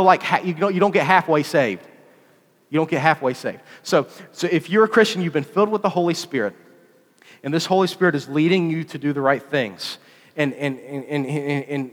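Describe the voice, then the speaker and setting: A fairly high-voiced man preaches in a lively, chatty way and drives his points home by repeating phrases. His voice rings out through a hall with a long echo. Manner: animated, conversational preaching with repetitions. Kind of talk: sermon.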